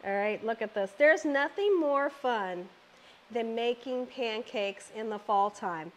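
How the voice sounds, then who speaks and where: A woman's voice: fairly high pitch, lively intonation, slow. A middle-aged woman hosting her home cooking channel, chatting exuberantly and speaking straight to her viewers. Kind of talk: casual cooking vlog chat.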